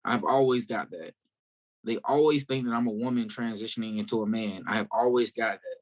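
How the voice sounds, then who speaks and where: A man from South Carolina, a guest musician in a casual interview, telling stories in a candid, animated way. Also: on the low side, fairly quick.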